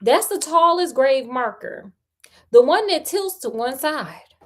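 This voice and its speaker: Gallant young suitor, read by a woman, earnest, polite, unhurried. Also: sits high, animated, voice pushed up.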